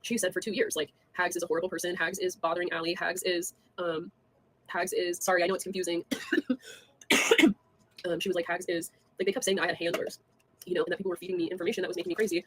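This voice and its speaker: Fast-talking young woman ranting on stream. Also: fairly low pitch, little pitch movement. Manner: fast, filler-heavy and scornful, laughing between jabs. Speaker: livestreamer. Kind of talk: casual livestream rant.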